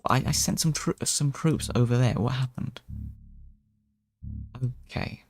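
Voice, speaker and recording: A man's voice: mid-range voice, a little slow, no room sound, studio quality, faint music behind. A man streaming as a VTuber, giving casual in-character gameplay commentary and rambling with frequent stumbling restarts.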